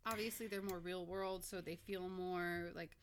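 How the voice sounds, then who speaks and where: A woman's voice: on the low side, fairly even intonation, moderate pace, smooth. A young adult woman hosting a podcast, chatty and blunt in casual conversation. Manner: chatty, blunt, swears freely. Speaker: podcast host.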